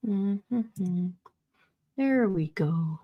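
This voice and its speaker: A woman's voice: mid-range voice, lively intonation, drawn-out words, dull audio. A woman hosting a casual livestream, ranting heatedly about a court case and greeting viewers by name. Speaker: livestream host.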